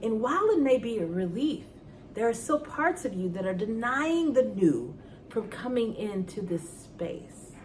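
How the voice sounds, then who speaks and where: A woman's voice: on the high side, big pitch swings, unhurried, distant mic, slight background noise. A woman talking earnestly and emotionally to her viewers about faith in a personal vlog at home. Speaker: vlogger. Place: at home indoors.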